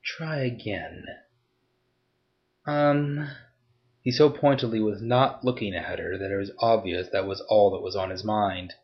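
A man narrating a story in a steady, even storytelling voice. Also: on the low side, brisk, few pauses, dull audio, slight background noise. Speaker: audiobook narrator. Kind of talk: scripted narration.

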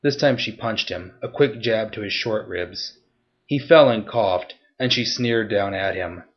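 A man narrating a story in a steady, even storytelling voice. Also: fairly low pitch, unhurried, dull audio. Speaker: audiobook narrator. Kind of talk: scripted narration.

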